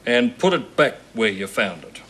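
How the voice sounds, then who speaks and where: An actor playing a grumpy, bigoted middle-aged Australian father who talks in a gruff, mocking, blustering way. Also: medium pitch, animated, normal speed, a bit bright, slight background noise, close to an everyday voice. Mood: scornful. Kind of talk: sitcom acting.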